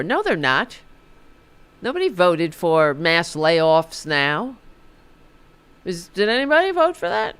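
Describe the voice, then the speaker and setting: Slow, sarcastic male podcast host. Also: fairly high pitch, big pitch swings, fairly bright tone, clear, resonant tone, no echo. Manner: sarcastic, rambling, mocking. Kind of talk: political commentary monologue.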